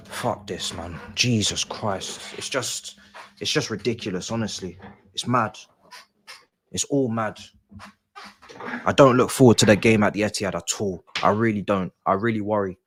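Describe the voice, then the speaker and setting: A man's voice: on the low side, slight background noise. A young man, streaming a football watch-along and reacting with sighs, swearing and exasperated grumbling. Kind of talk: live match reaction.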